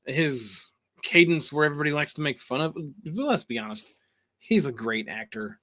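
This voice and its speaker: A man's voice: on the high side, animated, normal speed, pushed and bright. A man co-hosting a film podcast in casual chat, agreeable and enthusiastic, egging his partner on. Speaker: podcast co-host.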